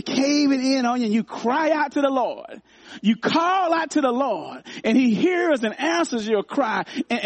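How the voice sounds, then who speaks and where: A high-voiced man delivers a sermon, circling back to key phrases again and again in a rhythmic preaching cadence. The sound is dry and close, with little room echo. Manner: repeats phrases for emphasis, rhythmic call to the congregation. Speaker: pastor. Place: church.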